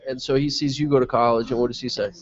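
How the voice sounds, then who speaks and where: A nasal-voiced man hosting a casual live interview, joking and asking quick follow-up questions. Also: medium pitch, steady tone. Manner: chatty, joking, asks quick follow-ups. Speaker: interviewer and host. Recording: dull lo-fi mobile broadcast.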